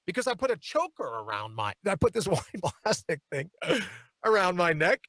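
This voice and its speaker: A man's voice: high-pitched, big pitch swings, moderate pace, fairly bright tone, no room sound. A man hosting a talk show, telling rambling sarcastic stories and reading out viewer comments. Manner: sarcastic, rambling storyteller who reads viewer comments aloud. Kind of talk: animated political talk show monologue.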